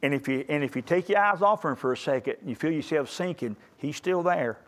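A middle-aged man preaching a sermon to young graduates, building to loud emphatic peaks in a folksy way. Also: fairly high pitch, animated, fairly quick. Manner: rising to loud emphatic peaks, southern colloquial phrasing.

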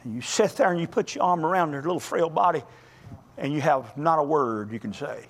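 A male preacher delivering a sermon, telling stories in a folksy, impassioned way that swings between loud climbs and quiet drops. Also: fairly high pitch, fairly quick. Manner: impassioned, folksy storytelling with sudden rises and drops.

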